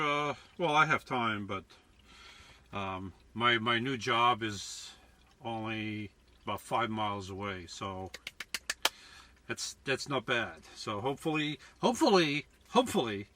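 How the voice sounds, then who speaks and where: Male van vlogger, unhurried and bright in tone, casual and rambling. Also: mid-range voice, distant mic. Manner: chatty, addresses viewers as folks, self-correcting. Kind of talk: casual cooking vlog talk. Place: inside a camper van.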